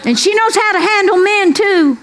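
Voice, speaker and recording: A woman's voice: very high voice, animated, normal speed, heavy background noise. A woman stand-up comedian telling folksy, punchy stories on a stage before a live audience. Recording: live show with audience laughter.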